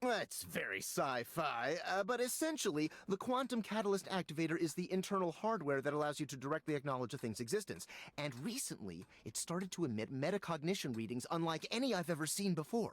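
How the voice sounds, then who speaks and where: An actor playing an earnest, worried tech scientist who gives urgent explanations in video game character dialogue. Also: male voice, a little high, sing-song, a little fast, few pauses.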